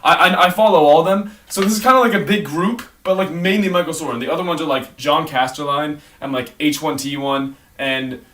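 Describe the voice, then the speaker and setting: A man's voice: a little high, fairly bright tone. A man chatting casually in a rambling monologue, full of "like" and restarts as he ranks his favorite creators. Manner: fast, rambling, heavy use of "like", self-corrections. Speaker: vlogger ranking online creators. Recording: distant mic with clear background noise and clicks.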